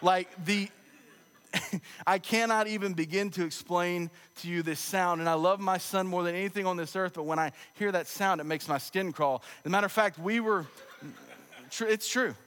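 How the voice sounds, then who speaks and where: A slightly high-voiced man in his thirties preaches a sermon. He talks in a conversational, humorous storytelling way, and his voice rings with the long echo of a large church hall. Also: moderate pace, a bit bright, smooth. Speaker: pastor. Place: church sanctuary.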